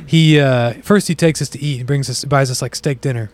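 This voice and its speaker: A man from the US South tells a road-trip story on a podcast in a relaxed, chatty way. His voice sits at a middle pitch. He jumps higher and louder whenever he acts out what other people said. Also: a little fast. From US South (Bible Belt). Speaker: podcast guest. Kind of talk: casual storytelling.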